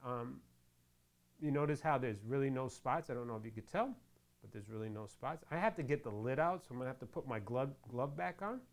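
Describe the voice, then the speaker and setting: A man's voice: medium pitch, lively intonation, a little fast. A middle-aged man hosting a crafting tutorial, chatting casually and rambling into jokes while he works with his hands. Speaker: crafting channel host.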